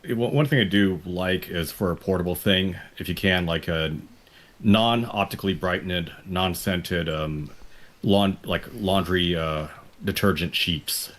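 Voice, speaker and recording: Deep male panelist, earnest, stop-start delivery. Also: unhurried, a bit bright. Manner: earnest, hesitant, many restarts. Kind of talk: casual chat.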